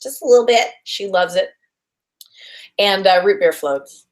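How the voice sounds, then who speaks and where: A woman's voice: medium pitch, expressive, a little slow. A young adult woman chatting as a guest in a casual interview. She gushes with bubbly enthusiasm and trips over fillers and restarts as she goes. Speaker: voice actress guest.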